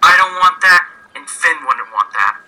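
A man's voice: fairly high pitch, expressive, moderate pace, pushed and bright. A man playing an earnest grieving crewmate. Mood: earnest, consoling. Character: earnest man consoling his captain over his dead brother. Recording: phone-like lo-fi line.

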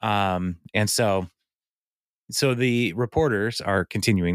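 Guy w a lowish voice recapping a tv episode on a podcast, quotes the characters, laughs a lot, dry close mic. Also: takes it slowly, dry recording. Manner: retells scenes by quoting the characters, with laughs and fillers. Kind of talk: casual chat.

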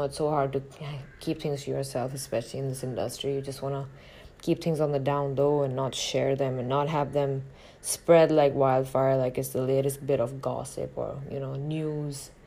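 Low, gravelly woman, candid and frank. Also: dark tone. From northern India. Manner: frank and profane, reflective. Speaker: actor. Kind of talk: candid personal storytelling.

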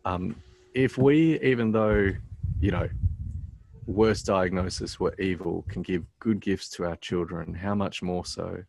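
A man casually telling a personal story on a podcast, halting with many ums and restarts, earnest as he reflects on his faith. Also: low-pitched, gravelly, a little mellow, no room sound.

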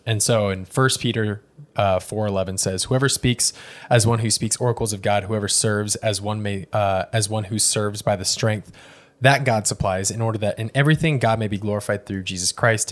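A man hosting a casual faith podcast, relaxed and quick to laugh, often correcting himself mid-sentence. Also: fairly low pitch. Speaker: podcast host.

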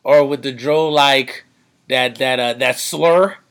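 A man's voice: mid-range voice, slow pace, a bit bright, clear, resonant tone. A man hosting a podcast in laid-back, slangy casual chat, breaking down rap verses with his co-host.

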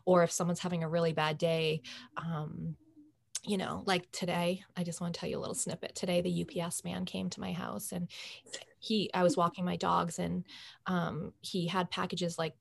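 A woman co-hosting a podcast about mediumship, talking in loose, chatty stories. Her voice sits slightly low. She keeps adding "like" and "you know" as she goes. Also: level tone, moderate pace, vocal fry. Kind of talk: casual chat.

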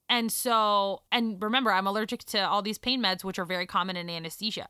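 Woman, 30s, chatty storyteller, bright crisp voice, animated with quiet hushed moments. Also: mid-range voice, fairly quick, hardly any pauses, no echo, studio quality. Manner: animated, drops to a hush for emotional moments. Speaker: guest telling her birth story. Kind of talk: casual storytelling chat.

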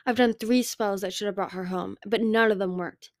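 A woman voicing a brooding young male dragon with dark magic, speaking earnestly and pleadingly. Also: mid-range voice, fairly even intonation, moderate pace, no echo, clean studio sound, close to an everyday voice.

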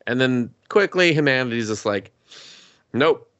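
A man co-hosting an anime podcast in loose, profane chat, slipping into quoted character voices as he recaps. His voice sits low with a gravelly fry. The tone is bright and forward. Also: expressive, moderate pace, no echo, muffled recording. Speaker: podcast host. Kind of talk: casual anime review chat.

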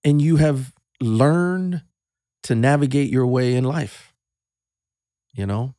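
A man in his fifties, a father speaking with emotion in a casual podcast talk, halting and repeating words as he gets choked up. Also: medium pitch, dark tone, no echo, clean studio sound. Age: 50s. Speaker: guest, host's father.

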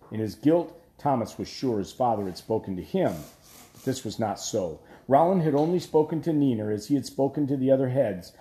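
A man narrating an audiobook in a measured storytelling voice that drops quiet at tense moments. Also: medium pitch, roomy sound. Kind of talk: scripted narration.

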